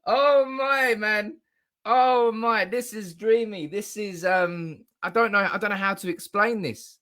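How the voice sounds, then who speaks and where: A young man hosts a live fan stream, his voice sitting a little high. He is giddy and loud, swearing freely and laughing as he reads viewers' comments aloud into his desk mic. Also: unhurried. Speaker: fan channel livestream host. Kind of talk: excited live-stream reaction.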